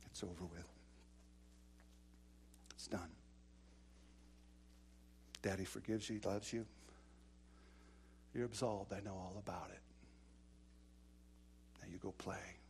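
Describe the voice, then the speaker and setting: A man voicing a stern but loving father who speaks to his sons in a quiet, measured way. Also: deep voice, steady tone, vocal fry, a little hiss or hum, pitched below the performer's own voice, heavily acted. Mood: solemn forgiving.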